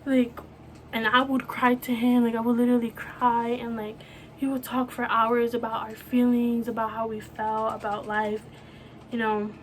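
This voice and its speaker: A young woman with a fairly high voice speaks softly and haltingly, filling her pauses with "you know" and "like." She talks to camera in a personal, heartfelt vlog. A faint hiss of noise sits under her voice. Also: level tone. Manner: soft, halting, full of fillers like "you know". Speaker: vlogger. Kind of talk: emotional personal talk to camera.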